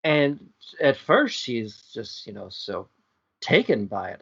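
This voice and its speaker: A man's voice: medium pitch, big pitch swings, takes it slowly, gravelly, a bit bright, breathy edge, muffled recording. A man playing a comedy guessing game, improvising a silly plot with playful restarts. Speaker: game contestant.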